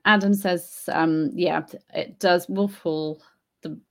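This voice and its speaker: A woman talking casually to viewers on a live stream. Her voice sits low and has a gravelly edge of vocal fry. She thinks aloud, pausing on fillers and restarting her sentences. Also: steady tone, fairly bright tone. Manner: hesitant, many fillers and restarts, thoughtful. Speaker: live-stream host answering viewer comments. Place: home in Spain.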